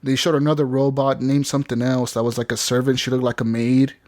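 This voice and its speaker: A man's voice: mid-range voice, little pitch movement, fast talker, no room sound, studio quality. A man co-hosting a gaming podcast, telling a long story with lots of fillers, laughs and acted-out lines. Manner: rambling, laughing, acts out game lines. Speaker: podcast co-host. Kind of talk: casual gaming chat.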